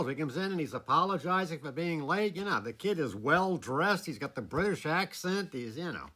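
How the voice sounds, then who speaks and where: Animated man. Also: fairly high pitch, brisk, hardly any pauses. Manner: animated, chuckles between lines. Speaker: former teacher telling a story. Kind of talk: casual spoken storytelling.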